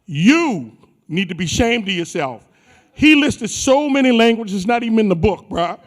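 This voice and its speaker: High voiced guy hosting a conference, joking with the crowd, big echoey hall. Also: very animated, normal speed. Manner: playful, teasing, colloquial. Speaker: conference emcee. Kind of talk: joking crowd work on stage. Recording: live hall with long reverb.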